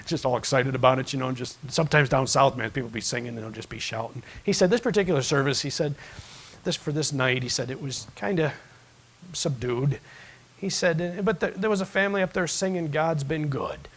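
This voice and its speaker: Husky pastor preaching. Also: male voice, mid-range voice, fairly quick, poor audio. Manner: storytelling with big swings from hushed to loud. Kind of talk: sermon.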